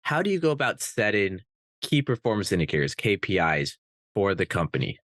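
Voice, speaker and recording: A man hosting a podcast interview, asking questions and reacting with lively interest. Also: deep voice, fairly quick, no room sound. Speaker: podcast host.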